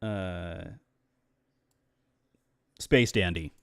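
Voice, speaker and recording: A man's voice: low voice, drawn-out words, a bit bright, clean tone, no echo, clean studio sound. A man hosting a casual livestream chat, joking and laughing often. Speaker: streamer host.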